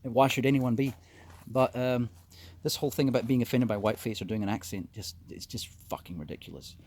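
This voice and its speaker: A man's voice: mid-range voice, a little fast, a little mellow. A man from South Africa hosting a solo podcast, ranting profanely and restarting his sentences often. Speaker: podcast host. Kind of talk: opinionated solo podcast monologue.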